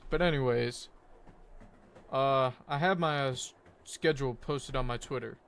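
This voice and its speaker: A man's voice: medium pitch, measured pace, fairly bright tone, clean tone. Laid-back young man streamer. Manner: rambling and laid-back, many fillers and self-corrections. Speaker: game streamer. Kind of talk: casual stream chat.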